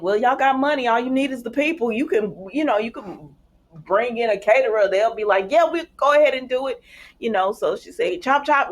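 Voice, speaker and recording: A woman vlogger casually recapping soap opera episodes, chatty and animated, with laughs and acted-out quotes. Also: mid-range voice.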